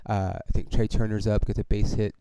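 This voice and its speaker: On a poorly recorded podcast with no echo, a man with a lowish, clean-toned voice talks a little fast. He's the host, spinning a casual story in a heated, profanity-laden rush, dropping "dude" and "okay" constantly.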